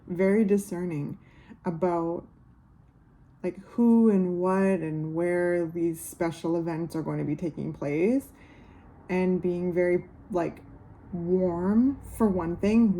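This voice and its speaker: A woman giving a casual tarot reading to camera. She muses unhurriedly, uses many fillers and speaks warmly to her viewers. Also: fairly low pitch, slight background noise. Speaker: tarot reader.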